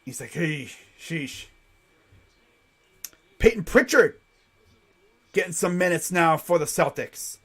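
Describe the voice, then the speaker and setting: A man with a high voice commentates a basketball game live for his stream. His excited quick calls alternate with loose, joking tangents. The delivery is casual and unscripted. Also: breathy edge. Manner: jokey, rambling asides between excited calls. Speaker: live reaction play-by-play streamer.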